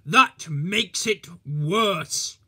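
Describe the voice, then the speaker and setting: A man voicing a grumpy, pompous country policeman who speaks loudly and slowly, spluttering. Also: high voice, expressive, husky, voice pushed up, exaggerated voice. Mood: accusing. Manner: spluttering, loud and slow.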